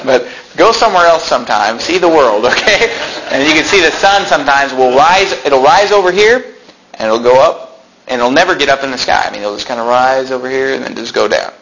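A pastor preaching a sermon in a church, explaining scripture with rhetorical questions and folksy asides. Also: male voice, mid-range voice, fairly quick, creaky, fairly bright tone, a little hiss or hum, low-quality recording.

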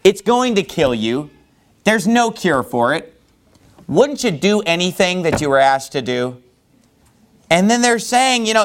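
A man's voice: sits high, expressive, normal speed. A man preaching a sermon verse by verse in a loose, conversational way, often saying "you know.". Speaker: pastor. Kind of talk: expository sermon on a Bible passage.

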